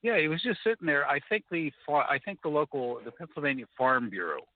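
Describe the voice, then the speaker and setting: A man calling in to a talk show, telling a story in a rambling, halting way with many restarts. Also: fairly high pitch, animated. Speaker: caller. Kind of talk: casual phone conversation. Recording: tinny phone line, dry.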